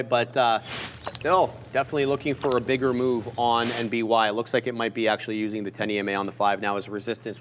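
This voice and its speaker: A man co-hosting a live trading stream, calmly talking through his positions and price levels. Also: mid-range voice. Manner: steady, methodical, talks through patience and levels. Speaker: co-host trader.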